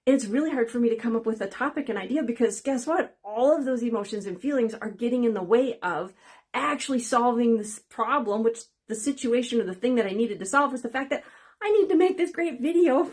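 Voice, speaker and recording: A woman's voice: a little high, a little mellow. A woman coach hosting her own channel, talking candidly and conversationally to her viewers, with a wry, sarcastic streak. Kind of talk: casual talking-head video.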